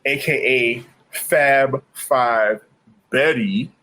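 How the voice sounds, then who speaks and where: Male DJ co-host, relaxed storyteller with an average-pitched voice. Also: drawn-out words. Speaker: podcast co-host, DJ. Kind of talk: casual chat.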